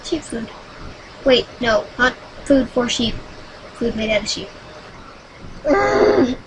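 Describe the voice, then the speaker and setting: A woman hosting a solo game video, chatting dramatically with sudden high squeals. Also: slight background noise, rough recording. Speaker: gaming channel host.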